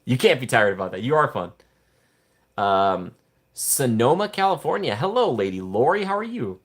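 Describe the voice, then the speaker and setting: A man's voice: medium pitch, big pitch swings, normal speed. A man hosting a casual livestream, rambling and joking while he reads viewer chat. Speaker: livestream host.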